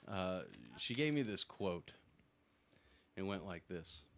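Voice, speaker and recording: A man's voice: deep voice, animated, slow pace. A man co-hosting a podcast, joking around in loose banter. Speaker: podcast co-host. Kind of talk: casual podcast chat.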